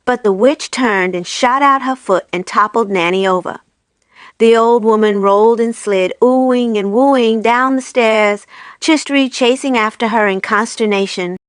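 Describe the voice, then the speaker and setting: A woman narrating an audiobook in a measured, steady way. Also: a little high, clear, resonant tone, no room sound, studio quality.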